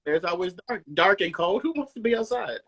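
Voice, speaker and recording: A man co-hosting a casual podcast chat, telling stories in a relaxed way full of "like" and "um". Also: high-pitched, fairly quick, crowd noise. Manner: relaxed, filler-heavy storytelling with frequent "like" and "um". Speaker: podcast co-host.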